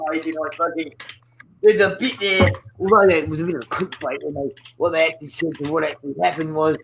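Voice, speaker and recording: A man's voice: sits high, creaky, slight background noise, rough recording. A man with an Australian accent hosting a crude, rambling casual chat, swearing constantly. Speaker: host.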